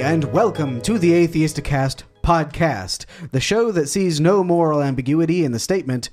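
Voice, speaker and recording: A man's voice: a little high, moderate pace, hardly any pauses, soft background music. Wry man hosting a podcast. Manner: wry, deadpan, teasing. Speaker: podcast host. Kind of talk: casual podcast chat.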